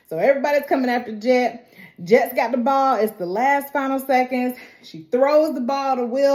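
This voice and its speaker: A chatty woman vlogger with a slightly high voice walks through a family movie's plot. She talks casually and keeps slipping into animated character voices. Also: normal speed.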